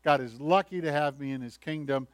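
A man's voice: a little high, fairly quick, no echo, close to an everyday voice. A preacher putting on a smug self-righteous man. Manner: proud, self-satisfied.

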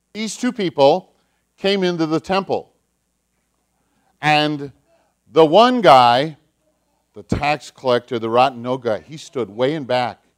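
A pastor telling a story to children during a sermon, in an animated, emphatic way. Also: male voice, on the high side.

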